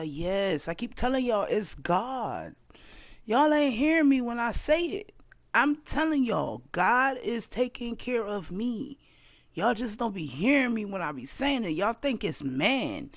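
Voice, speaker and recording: Gravelly, sassy woman ranting. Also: mid-range voice, very animated, measured pace, dry recording. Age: 30s. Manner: blunt, profane, sassy, with sudden loud outbursts. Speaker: vlogger. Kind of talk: casual to-camera rant.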